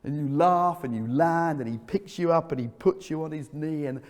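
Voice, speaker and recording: A man preaching a sermon as pastor, telling a story vividly and dropping his voice low for emphasis. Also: normal speed. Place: church hall. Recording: church hall reverb.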